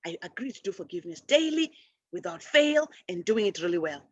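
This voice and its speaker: A woman hosting a spiritual show and leading a forgiveness practice, speaking earnestly, restarting and repeating words, and addressing souls with soft affirmations. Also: medium pitch, sing-song, fairly quick, breathy edge, no echo, lo-fi sound. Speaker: show host.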